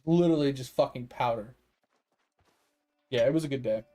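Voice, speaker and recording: A man's voice: medium pitch, normal speed, warm tone. Profane, rambling man streaming games. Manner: profane, rambling, laughs often. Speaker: gaming streamer. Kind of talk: casual chat with stream viewers.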